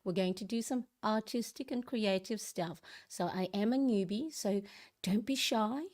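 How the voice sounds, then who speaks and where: A woman hosting a casual planner live stream, chatty and laughing often, greeting viewers one by one, her voice a bit croaky in the morning. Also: mid-range voice, moderate pace, darkish tone.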